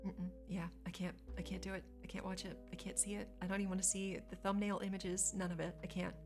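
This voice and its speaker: A woman's voice: mid-range voice, little pitch movement, fast talker, music in the background. A woman streamer in casual chat, reading and answering her chat with chatty, squeamish asides.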